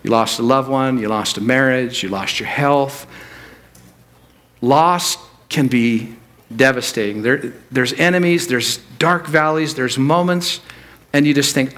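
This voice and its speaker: A male pastor preaching a sermon at a church service, swinging between loud emphatic peaks and quiet low asides. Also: measured pace.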